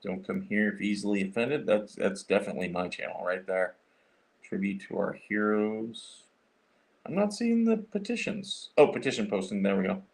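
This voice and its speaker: A man's voice: fairly low pitch, lively intonation, normal speed, gravelly. A man hosting a casual livestream, rambling with many fillers and restarts as he clicks through his computer and talks to viewers. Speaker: livestream host.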